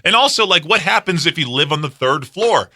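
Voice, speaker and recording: A man hosts a radio show in casual, joking banter, laughing and teasing his co-host. His voice is extremely bright and forward. The studio sound is dry and close. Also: on the high side, lively intonation, fairly quick, no room sound. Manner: jokey, laughs often, teasing.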